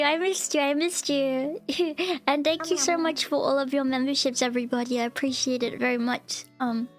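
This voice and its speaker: A woman's voice: sits high, fairly bright tone. A woman VTuber streamer in casual live-stream chat, giggly and gushing, often repeating herself.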